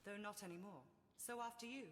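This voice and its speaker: A woman's voice: mid-range voice, brisk, close to an everyday voice. An actress playing a poised, sardonic woman adventurer in a video game cutscene, speaking with dry, polite wit. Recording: long reverb with faint ambience.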